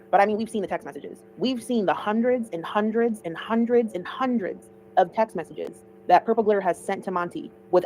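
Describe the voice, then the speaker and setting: A woman's voice: lowish voice, a little mellow, slight background noise, rough recording. A woman hosting a casual livestream, giving chatty, opinionated commentary.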